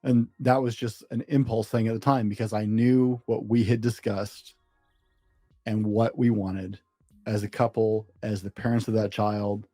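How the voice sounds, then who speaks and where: A man hosting a podcast, speaking bluntly and forcefully as he tells a story. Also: fairly low pitch, level tone, unhurried, no room sound, faint music behind. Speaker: podcast host. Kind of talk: podcast interview.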